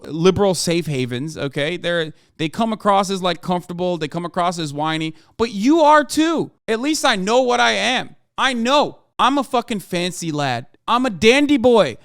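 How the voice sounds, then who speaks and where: A man's voice: high-pitched, gravelly, a bit bright, clear, resonant tone, no room sound, studio quality. A male streamer giving a heated, profanity-laced commentary rant on his livestream.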